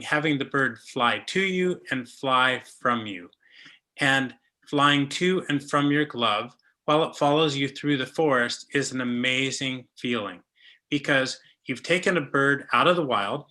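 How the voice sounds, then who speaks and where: A man's voice: mid-range voice, sharp tone. A man giving a casual, jokey talk about falconry with slides, telling small stories as he goes. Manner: chatty, jokey, storytelling.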